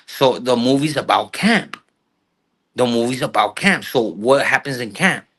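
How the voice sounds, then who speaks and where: Bright-voiced South LA man telling stories. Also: medium pitch, unhurried, slightly rough. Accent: South Los Angeles. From South Los Angeles. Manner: slangy, profane, animated storyteller who acts out quotes. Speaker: guest actor. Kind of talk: casual storytelling interview.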